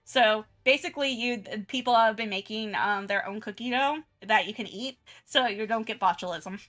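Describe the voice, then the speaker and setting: A giggly young woman chats loosely as she draws on stream, her voice bright and a little high. She restarts often, and faint music plays behind her. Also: normal speed. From Southern United States. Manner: chatty and giggly, many restarts and fillers. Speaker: art streamer. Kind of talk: casual chat while drawing on stream.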